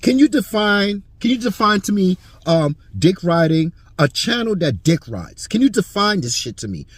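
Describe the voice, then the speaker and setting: A man's voice: high voice, big pitch swings, normal speed, husky, no echo. A man hosting his own boxing channel, ranting hotly and swearing constantly. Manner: heated, profane, ranting. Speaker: boxing commentary channel host. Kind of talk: profane boxing opinion rant.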